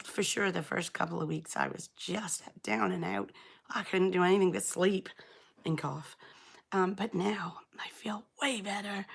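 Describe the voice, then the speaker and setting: A middle-aged woman with a croaky, gravelly, hoarse voice hosts a relaxed live stream. She rambles in a chatty way and greets her viewers by name, at an ordinary pitch. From England. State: hoarse, croaky after illness. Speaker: knitting channel host. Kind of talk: casual live-stream chat.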